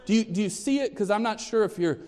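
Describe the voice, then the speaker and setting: A man preaching a sermon to a congregation as their pastor. He is emphatic, quizzes his listeners with questions, and restarts and repeats words. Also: darkish tone. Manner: emphatic, often rising in pitch and volume, quizzing the congregation; repeats and restarts words, measured and deliberate in places. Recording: long hall reverb.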